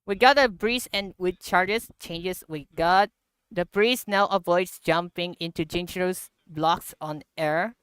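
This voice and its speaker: A woman streaming a block-building game, talking through the update in slow, halting English with frequent laughter. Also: lowish voice, a bit bright, clear, resonant tone, dry recording. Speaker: gaming livestreamer. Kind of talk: casual game commentary.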